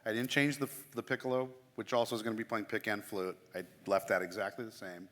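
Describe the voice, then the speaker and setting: His voice is lowish and a bit bright, with fairly even intonation and a quick pace, as this church music director chats eagerly about his craft. The explanatory talk is casual and self-deprecating, with long hall reverb from the sanctuary.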